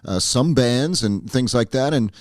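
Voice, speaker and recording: A man hosting a podcast interview in relaxed, casual conversation, offering affirmations and his own stories. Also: medium pitch, unhurried, dry recording, studio quality. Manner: easygoing, affirming listener. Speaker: podcast host.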